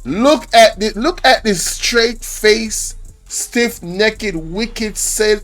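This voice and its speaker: A man's voice: high voice, very slow, fairly bright tone, soft background music. A man with a Jamaican accent hosting a reaction channel, talking to viewers in an indignant, preachy way. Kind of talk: casual reaction commentary.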